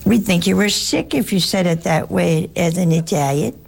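An American woman, a nun, giving a chatty talk to an audience, telling stories with animated asides. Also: lowish voice, moderate pace, gravelly, slightly rough. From United States. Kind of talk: casual spoken talk to an audience.

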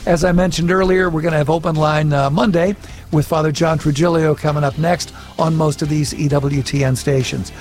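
A man's voice: a little high, fairly even intonation, fairly quick, darkish tone. Man hosting radio, music underneath. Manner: friendly, reads listener emails and sign-offs. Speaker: radio show host. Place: radio studio.

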